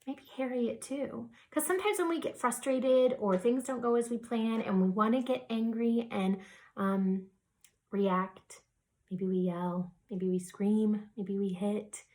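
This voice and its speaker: Woman, teacher, picture book read-aloud to children, unhurried, gentle, soothing, soft whispers. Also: on the high side, fairly even intonation.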